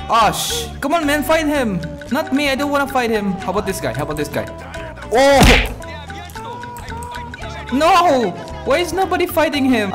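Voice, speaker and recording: Excitable young man narrating gameplay. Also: a little high. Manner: excitable, loud outbursts and frequent laughs. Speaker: gaming YouTuber. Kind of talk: gameplay commentary. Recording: voice with loud game music behind.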